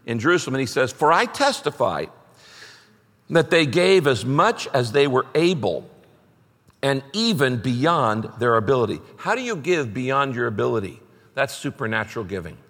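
A man's voice: mid-range voice, big pitch swings, moderate pace, a bit bright, big-room sound. A middle-aged man preaching a sermon, emphatic and repeating his key phrases as he reads scripture aloud. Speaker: pastor.

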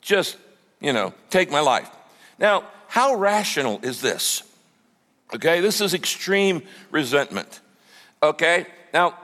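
A man preaching a sermon as pastor, animated and conversational, acting out the voices of the people in his story. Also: fairly high pitch, big-room sound. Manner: lively preaching, acts out quoted voices.

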